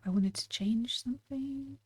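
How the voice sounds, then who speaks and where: A woman's voice: fairly high pitch, measured pace, husky. A woman streamer giving casual game commentary, chatty and self-correcting as she thinks aloud.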